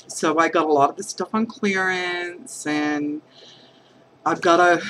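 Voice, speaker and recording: Slow, hesitant, earnest woman vlogger. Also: low voice, a little hiss or hum, poor audio. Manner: emotional, affectionate. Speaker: crafting vlogger. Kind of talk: heartfelt talk to camera.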